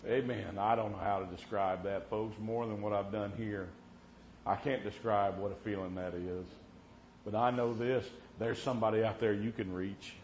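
A man preaching a sermon in a folksy storytelling way, dotting his talk with amen and swinging between loud and hushed. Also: on the low side, fairly even intonation, normal speed. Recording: muffled lo-fi with faint hiss.

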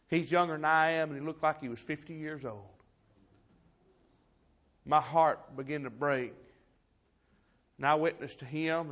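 A man preaching an impassioned sermon, moving between loud exhortation and quiet, heavy storytelling. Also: on the high side. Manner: impassioned, swings from shouting to hushed storytelling. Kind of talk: fiery revival sermon.

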